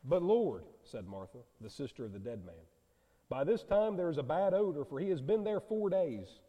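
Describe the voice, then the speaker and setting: A man's voice: fairly high pitch, very animated, normal speed, mellow. A man preaching a sermon to a congregation, earnest and asking them direct questions. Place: church sanctuary. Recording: long hall reverb.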